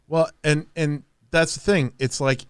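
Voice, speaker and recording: A man hosting a casual podcast, halting and repeating himself, often laughing. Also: a little high, steady tone, clean tone, dry recording, clean studio sound. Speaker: podcast host.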